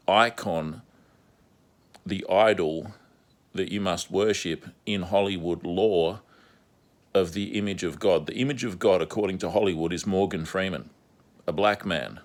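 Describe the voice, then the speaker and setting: A man delivering a repetitive, insistent monologue as an online commentator. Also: sits low. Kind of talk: ranting monologue vlog.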